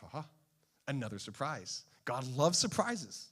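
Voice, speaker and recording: A male pastor preaching a sermon in a playful, animated storytelling manner. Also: medium pitch, unhurried, husky.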